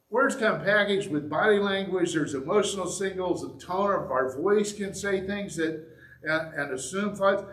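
Male pastor, sermon delivery, animated, a touch high, reverberant room. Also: moderate pace. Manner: animated, acts out examples with shifts in loudness. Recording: echoey room.

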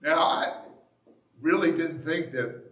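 A man's voice: fairly high pitch, slow pace, a bit bright. A man with a Southern Indiana accent, preaching a sermon as a pastor in a folksy, joking way. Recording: roomy sound from a distance.

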